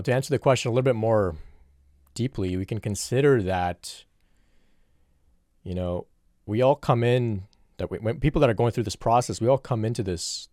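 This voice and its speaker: A man's voice: lowish voice, a little mellow, no echo, studio quality. A man answering viewer questions on spirituality in a reflective, conversational solo talk, often restarting his sentences. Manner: reflective, conversational, frequent restarts and "you know".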